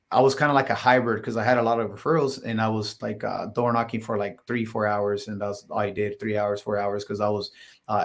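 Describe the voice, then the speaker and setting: A man on a podcast as a guest, telling his stories in a casual, rambling way full of "like" and "you know", and acting out the dialogue. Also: on the low side. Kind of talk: casual storytelling interview.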